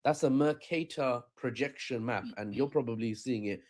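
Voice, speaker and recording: A man's voice: mid-range voice, normal speed, a little mellow. A man giving a joking commentary on world affairs in a video clip, with wry asides. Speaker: online commentator.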